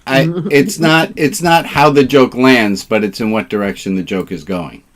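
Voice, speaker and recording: A man's voice: mid-range voice, fairly even intonation, normal speed. A man leading an online service as rabbi, casual and playful, fond of puns, on a video call.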